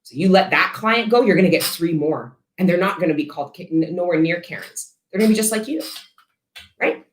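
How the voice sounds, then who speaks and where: A woman does a collective tarot reading in her studio, blunt and profane, wandering into rambling asides where she interrupts herself. Her voice is lowish with lively intonation and a fairly quick pace. The room is echoey, with a little hiss or hum.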